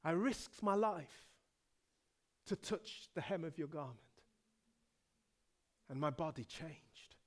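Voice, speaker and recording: A middle-aged male pastor from England preaching a sermon, telling the story dramatically and swinging from hushed to loud. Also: on the high side, animated, takes it slowly, pauses often.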